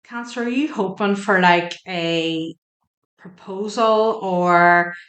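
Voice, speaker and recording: A tarot reader with a lowish, fairly bright voice speaks slowly in an echoey room. Chatty and emotional, she addresses questions to the cards aloud while turning them.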